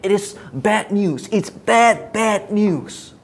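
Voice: mid-range voice, animated, slow. A preacher giving an earnest, reflective Bible teaching, asking rhetorical questions as the talk goes on.

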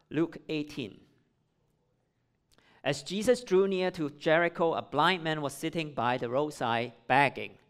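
A man delivering a morning sermon as pastor, asking rhetorical questions and building to emphatic passages. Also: medium pitch.

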